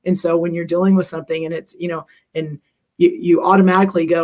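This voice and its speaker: A middle-aged speaker with a mid-range pitch talks earnestly in a live stream conversation. They ramble a little and lean on fillers. They poke fun at themselves along the way. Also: little pitch movement, quick pace, darkish tone. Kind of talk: reflective conversational talk.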